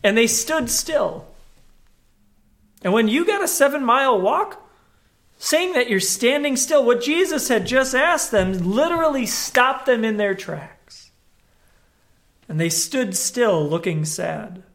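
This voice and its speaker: A man's voice: very high voice, lively intonation, takes it slowly, a bit bright. A man preaching a sermon as a pastor, talking in a conversational but emphatic way and acting out the scripture with animation.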